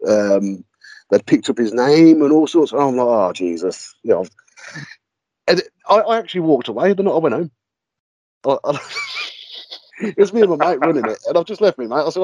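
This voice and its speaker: Lively man telling ghost tales. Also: fairly high pitch, moderate pace, no echo, rough recording. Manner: animated storyteller, laughs often, swears casually. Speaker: podcast guest, paranormal investigator. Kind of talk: casual podcast chat.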